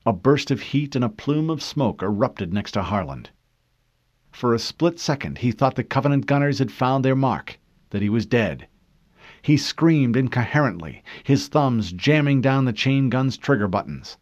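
Male narrator, low and lively delivery, measured dramatic reading, dry dull sound. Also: dry recording. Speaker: audiobook narrator. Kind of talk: scripted narration.

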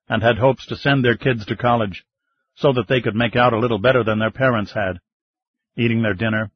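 A man narrating a thriller audiobook in a measured, steady storytelling manner. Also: on the low side, slightly rough, no room sound. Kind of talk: scripted narration. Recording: slightly dull lo-fi recording.

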